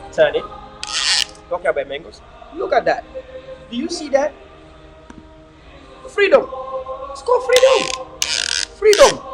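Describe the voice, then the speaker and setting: A man's voice: sits high, poor audio. A man with a Cameroonian English accent, talking casually to viewers as a motivational speaker, repeating words for emphasis and filming outdoors on a phone. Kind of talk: casual livestream talk to viewers. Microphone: phone camera he turns himself.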